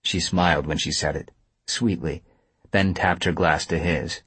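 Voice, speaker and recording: A man narrating a novel in a low, quiet, even voice. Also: moderate pace, slightly rough, no room sound. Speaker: audiobook narrator. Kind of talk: scripted narration.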